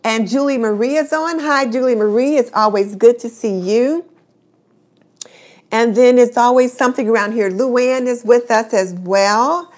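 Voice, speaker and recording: A woman's voice: on the high side, measured pace. A middle-aged woman hosting a casual live stream, chatting and greeting viewers by name.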